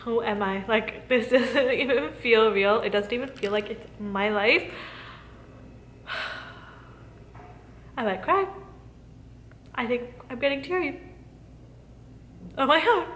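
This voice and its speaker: A woman's voice: a little high, slow pace, long pauses, fairly bright tone, echoey room, a little hiss or hum. A young woman vlogging casually and gushing, often saying "literally" and "like", with a giggly manner. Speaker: beauty vlogger. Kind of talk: casual vlog chat. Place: large hotel room.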